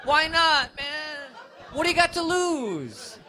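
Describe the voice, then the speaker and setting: A man on a comedy club stage riffs playfully and teases the crowd. His voice sits high for a man and rings bright, with a faint hum of room noise around him. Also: sing-song, slow pace. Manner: rambling, playful, teasing the crowd. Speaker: stand-up comedian. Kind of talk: live stand-up comedy set.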